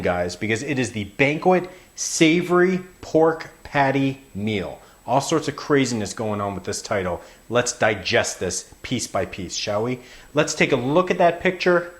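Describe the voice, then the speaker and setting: Wry man hosting a food review. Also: mid-range voice. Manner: wry, playfully exasperated, addresses viewers as guys. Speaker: frozen food reviewer, show host. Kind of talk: casual food review to camera.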